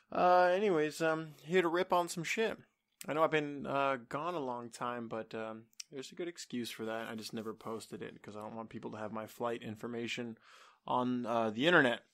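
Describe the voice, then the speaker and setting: Podcast host, male, mid-pitched voice, loose and profane, talks into a desk mic at home. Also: a bit bright. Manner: rambling and profane, with many fillers. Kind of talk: casual comedic solo podcast rant. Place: home apartment. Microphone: desk microphone.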